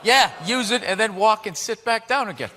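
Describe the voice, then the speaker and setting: Male talker, high bright voice, comic griping in casual conversation. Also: expressive, normal speed. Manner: griping, exaggerated comic complaints. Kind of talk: casual chat.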